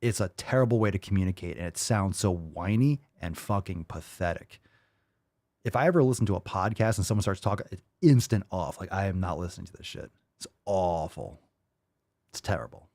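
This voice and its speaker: Male podcast host, low voice, mocking reaction commentary, dry close sound. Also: lively intonation, fairly quick, a little mellow, no echo. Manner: blunt, mocking, profane.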